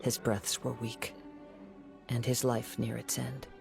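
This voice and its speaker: An actor voicing a calm wandering young male swordsman in a video game, speaking in a composed, measured, gentle manner. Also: medium pitch, vocal fry. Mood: reflective. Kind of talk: game voice acting. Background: game music.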